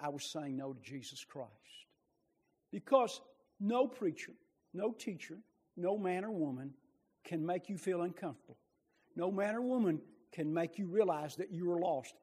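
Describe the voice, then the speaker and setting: A man preaching a sermon with passion, rising to loud bursts and dropping to quiet, low asides. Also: slightly rough, in a large hall.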